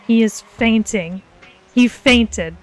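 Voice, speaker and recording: A woman's voice: a little high, slow. A young woman casually telling a story on a live stream, laughing often as she talks. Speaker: co-host of art and gaming stream.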